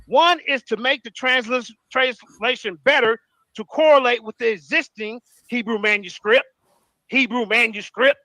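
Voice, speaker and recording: Very high-voiced man debating fast. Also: sharp tone, no room sound, poor audio. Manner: rapid, combative, reads from notes. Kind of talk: live online debate.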